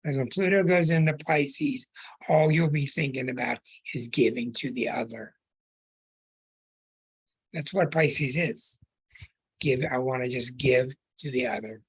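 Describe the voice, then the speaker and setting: A man with a husky, slightly breathy voice delivers a slow, unhurried monologue as an astrology host. He preaches earnestly, drawing out key words and often doubling back to restart a phrase. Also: mid-range voice, fairly even intonation. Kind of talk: podcast monologue.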